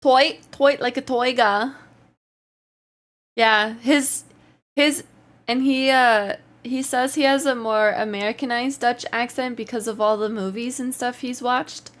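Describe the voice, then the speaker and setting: Woman, live streamer, slow relaxed pace, slightly high voice, chatty, reads chat aloud. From Canada. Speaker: livestreamer.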